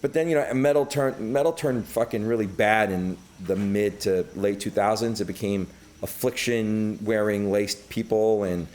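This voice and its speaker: A lowish voice at a normal speed belongs to a middle-aged man from Brooklyn, New York, guesting on a podcast. He tells stories in casual, profane chat, animated as he imitates other people's voices.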